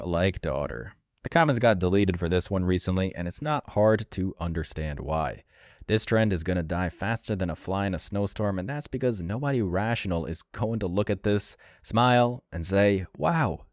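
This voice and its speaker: A man's voice: sits low, a little mellow, dry recording, studio quality. A man narrating reaction clips in a scripted, sneering and mocking tone. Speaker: commentary channel narrator.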